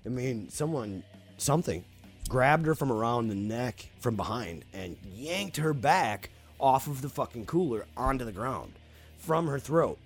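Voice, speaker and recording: A man's voice: mid-range voice, animated, measured pace, faint music behind. A man casually telling a spooky story on a podcast, swearing freely and talking animatedly.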